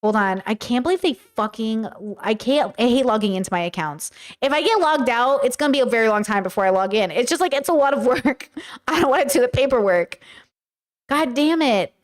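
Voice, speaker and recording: A woman's voice: a little high, expressive, a little fast. A woman streamer chatting casually with her viewers, joking and laughing often. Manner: giggly, jokey, talks to chat. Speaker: streamer reacting to videos. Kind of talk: casual livestream chat.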